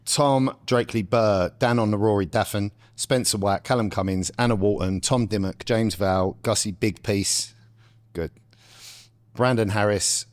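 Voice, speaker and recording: A young man, co-hosting a casual podcast and swearing freely in quick banter. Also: lowish voice. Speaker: podcast co-host.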